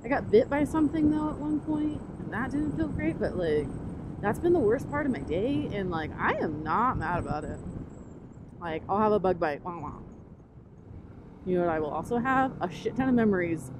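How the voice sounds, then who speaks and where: Speaking fairly quickly in a mid-range voice, a female motovlogger rides and rambles, bouncing excitedly between ideas and getting sidetracked. The helmet-mounted camera mic picks up wind, the engine, and surrounding road and vehicle noise.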